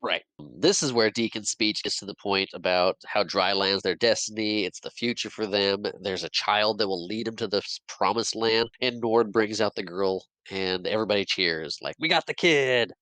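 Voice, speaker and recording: A man's voice: on the low side, fairly even intonation, normal speed, fairly bright tone, dry recording, rough recording. A man on a podcast casually retelling a movie plot, jumping into quoted lines and laughing often. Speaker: podcast co-host recapping a movie. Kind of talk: casual chat.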